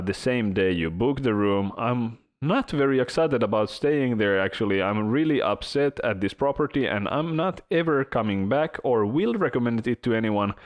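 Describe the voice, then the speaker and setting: A man hosting a casual podcast, chatting and reading hotel reviews aloud, often halting and restarting mid-sentence. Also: medium pitch. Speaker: podcast host. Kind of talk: casual chat.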